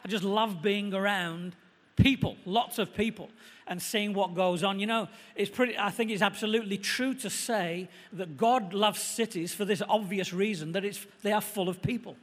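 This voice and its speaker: Fast-preaching man with a Manchester accent. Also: sits high. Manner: quick, conversational preaching, slowing for emphasis. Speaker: visiting pastor. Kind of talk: sermon. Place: church hall. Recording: echoey church hall.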